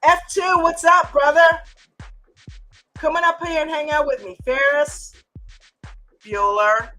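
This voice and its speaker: A woman's voice: high-pitched, fairly even intonation, unhurried, sharp tone, faint music behind. An American woman hosting a live trading chat stream, playful and teasing, laughing often and greeting viewers by name. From United States.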